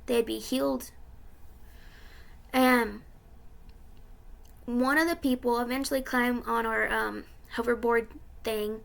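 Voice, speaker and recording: Young woman vlogger, high gravelly voice, tearful, rambling casual storytelling. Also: steady tone, slow, pauses often. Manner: rambling with many fillers, emotional. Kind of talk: casual retelling of a dream.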